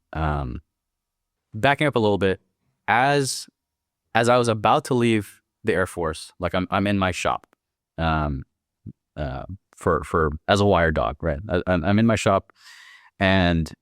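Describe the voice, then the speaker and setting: Veteran man in his thirties, low-pitched, dry and close; laid-back, profane storyteller for an interview. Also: no echo. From Northern California. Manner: laid-back and profane, acts out quoted dialogue. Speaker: podcast guest, military veteran.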